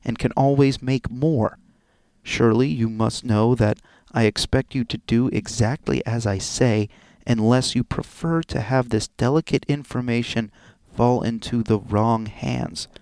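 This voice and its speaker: A man reading out a letter in the voice of a smug, menacing male blackmailer, slow and gloating. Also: mid-range voice, steady tone, a little mellow, no room sound, pitched below the performer's own voice, close to an everyday voice.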